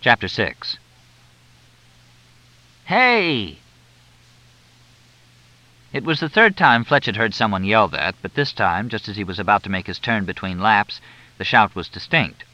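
A man narrating an audiobook in a lively, expressive reading. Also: on the low side, brisk, no room sound. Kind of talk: scripted narration. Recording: dull lo-fi dry recording.

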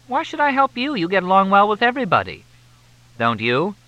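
A sharp, teasing woman reporter voiced by a man in an audiobook, pitched noticeably high. Her lively, bright delivery is full of dry, quick, playful banter. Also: no room sound, highs cut off, full character voice.

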